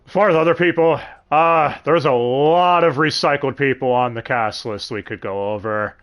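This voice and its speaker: A man hosting a casual livestream chat, animated, swearing freely and laughing often. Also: medium pitch, normal speed. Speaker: podcast host.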